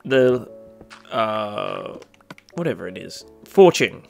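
A young man giving casual, rambling commentary over a game he is playing, full of fillers and excited outbursts. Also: slow pace, creaky, soft background music. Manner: rambling, excitable, bursts into squeaky cutesy voices. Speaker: Minecraft let's-play host.

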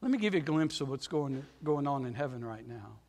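Man, pastor, sermon, reads scripture, emphatic, loud then soft, long church reverb. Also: medium pitch, big pitch swings, fairly quick. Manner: emphatic preacher who reads scripture aloud and swings between loud and soft. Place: church sanctuary.

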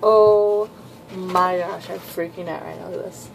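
A woman chatting casually as she pages through a new manga volume, rambling and gushing with excitement, with a slightly sore throat. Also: fairly low pitch, measured pace, vocal fry, a little hiss or hum, poor audio. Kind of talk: casual unboxing chat.

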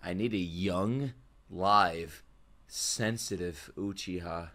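A man streaming excited reactions to an anime, loud and exclamatory, swearing and breaking into laughter. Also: low voice, takes it slowly. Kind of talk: excited live reaction commentary.

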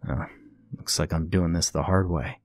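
A man's voice: sits low, steady tone, moderate pace, darkish tone, pitched below the performer's own voice. A man voicing a blunt, weary male FBI agent from New York in a narrated horror story.

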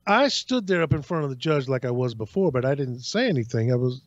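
A man casually telling a long personal story on a podcast, acting out other people's lines in an animated way. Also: medium pitch, fast, no room sound. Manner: animated, acts out voices in anecdotes. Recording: dry, slightly dull sound.

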